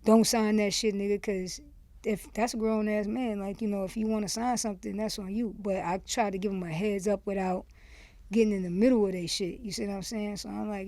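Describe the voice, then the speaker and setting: Candid woman from Miami, mellow and dry. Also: medium pitch, brisk, no room sound. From Miami, USA. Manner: candid and animated, acts out quoted dialogue, lots of "you see what I'm saying". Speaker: podcast guest, former rapper. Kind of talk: casual storytelling in an interview.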